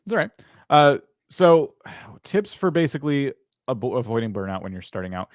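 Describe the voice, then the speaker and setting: A man's voice: medium pitch, big pitch swings, moderate pace, dry recording, studio quality. A man co-hosting a livestream, reading out viewer questions and thinking aloud in an easygoing way. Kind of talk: casual livestream Q&A chat.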